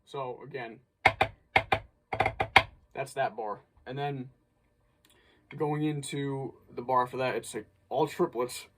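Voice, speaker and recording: A man's voice: medium pitch, takes it slowly, long pauses, heavy background noise. A man casually breaking down a snare drum part as an instructor, thinking aloud with small restarts. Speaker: drumline instructor.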